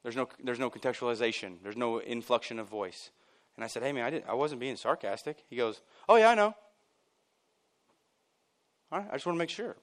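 A man preaching a sermon at a church service, emphatic and casual, jumping from loud bursts down to near-quiet lines and dropping in chuckling asides. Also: medium pitch, fast talker, hardly any pauses. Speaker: pastor.

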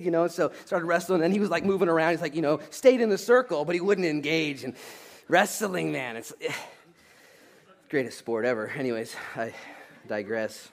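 A man preaching a sermon in a lively, conversational way, laughing now and then and building to emphatic, loud peaks. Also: on the high side, normal speed. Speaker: pastor.

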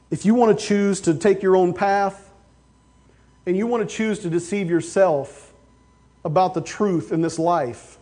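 A male pastor preaching a sermon, with casual stories and sudden loud, emphatic outbursts. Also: high-pitched.

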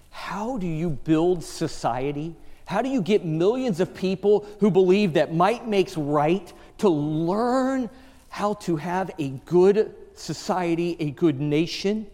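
Male pastor, high voice, lively sermon storytelling, long hall reverb. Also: slow pace. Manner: animated storytelling, reads scripture aloud.

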